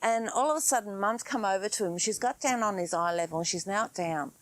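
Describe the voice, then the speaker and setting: A woman's voice: mid-range voice, a little fast, dry recording. A middle-aged woman hosting a podcast, telling a personal story in an earnest, conversational way with frequent fillers. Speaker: podcast host. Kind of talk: storytelling monologue.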